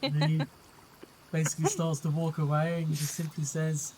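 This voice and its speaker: A man running a tabletop game, narrating in a measured, descriptive way. His voice sits a little high. A faint layer of noise runs behind him. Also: level tone, darkish tone, rough recording. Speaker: game master.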